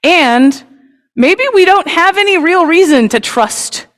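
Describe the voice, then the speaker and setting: A woman leading a story for all ages at a congregation service, lively, chatty and inviting, speaking into a microphone. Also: very high voice, slow, big-room sound. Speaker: worship leader. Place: congregation sanctuary.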